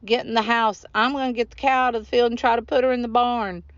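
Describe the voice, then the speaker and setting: A woman voicing a worn farmer father who gives firm, hurried orders. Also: a little high, fairly even intonation, no echo, voice pushed up, lightly acted. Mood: urgent. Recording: dull lo-fi recording.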